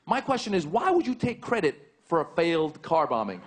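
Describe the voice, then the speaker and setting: A man in his thirties doing a stand-up comedy set, animated, leaping up in pitch for punchlines. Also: brisk, a little hiss or hum. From United States. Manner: animated, jumps high for punchlines. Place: stage before a laughing audience. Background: audience laughter.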